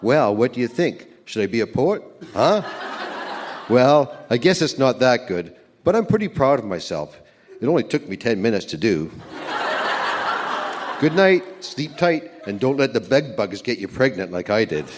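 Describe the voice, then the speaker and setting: A man's voice: medium pitch, big pitch swings, moderate pace. An older man on stage, reading his old love letters aloud with wry chuckles. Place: stage in a hall. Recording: echoey hall with noise.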